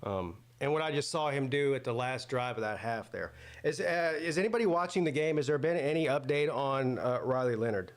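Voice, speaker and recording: A man's voice: medium pitch, animated, fairly quick, few pauses. Guy hosting a football watch stream, mid voice, rambly, lots of uhs and restarts. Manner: rambling, thinks aloud with many fillers and restarts. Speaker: sports watch-party host. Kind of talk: casual live-stream commentary.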